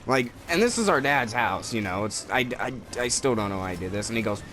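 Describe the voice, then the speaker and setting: Fairly quick and lowish in pitch, this young man's voice comes with slight background noise. As co-host of a gaming video, he rambles through profane, animated stories while he plays, lifting his voice whenever he quotes someone.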